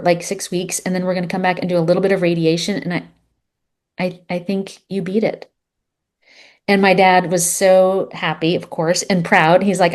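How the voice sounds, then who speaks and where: Earnest woman telling a story, lowish voice. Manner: earnest, animated storytelling with fillers. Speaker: guest on a health podcast. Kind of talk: storytelling in conversation.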